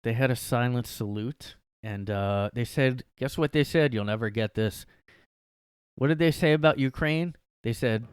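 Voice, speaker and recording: A podcast host speaks at medium pitch and normal speed, his voice smooth, in a clean studio recording with no room sound. Alone in his bedroom, he rants casually and sarcastically, using "like" a lot.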